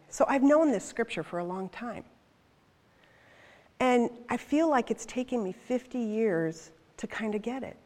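Conversational woman preaching in a reverberant hall. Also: on the high side. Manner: conversational, animated, with quick asides. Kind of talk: sermon.

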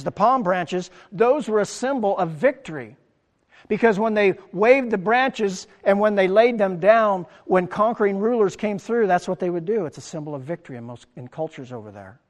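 A man preaching a sermon as pastor, animated, acting out the crowd's words in his talk. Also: high-pitched, in a large hall. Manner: animated preaching, acts out quoted crowd lines.

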